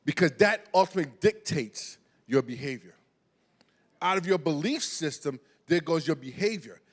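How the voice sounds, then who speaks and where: A man's voice: on the high side, lively intonation, moderate pace. A middle-aged man preaching a sermon in a conversational way, restarting words and often asking "right?". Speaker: pastor. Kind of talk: sermon with personal storytelling. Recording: long hall reverb.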